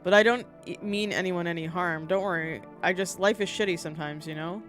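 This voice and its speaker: A woman's voice: fairly low pitch, a little fast, fairly bright tone, lightly acted. A woman voicing a mysterious stranger asking to be let in, in a genteel, wordy and mildly menacing manner, with faint music behind. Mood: pleading, courteous. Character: mysterious stranger begging shelter at the door.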